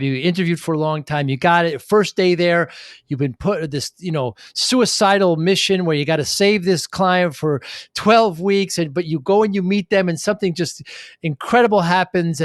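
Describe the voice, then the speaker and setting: Halting podcast host, man, dry sound. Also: a little high, dry recording. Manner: halting, restarts his sentences. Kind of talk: interview questions.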